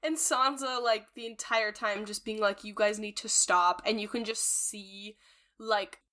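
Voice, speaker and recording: Bright, animated young woman co-host. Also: medium pitch, a little slow. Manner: animated, emphatic, slangy, laughs often. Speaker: podcast co-host. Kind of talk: casual chat recapping a TV episode.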